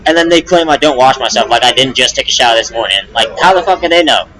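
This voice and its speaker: A man's voice: medium pitch, expressive, quick pace, sharp tone, rough recording. A young man, a rapper, venting on a casual live stream, rambling and agitated, full of restarts and swearing.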